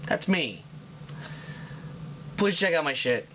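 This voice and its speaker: A man's voice: fairly high pitch, big pitch swings, moderate pace, highs cut off, slight background noise. A man hosting a casual home cooking show, swearing and joking as he talks. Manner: profane, joking, rambling. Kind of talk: casual cooking demo with crude jokes. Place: home kitchen.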